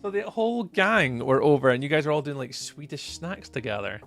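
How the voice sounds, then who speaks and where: A man's voice: mid-range voice, expressive, normal speed, a bit bright, soft background music. A Scottish man chatting casually with viewers while commentating a live game stream. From Scotland. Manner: friendly, chatty, greets viewers by name.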